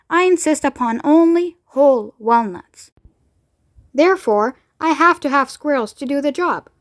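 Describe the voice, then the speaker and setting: A woman doing a brisk, excitable candy maker. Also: high voice. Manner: bouncy, urging, excitable. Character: brisk eccentric grown male chocolate maker.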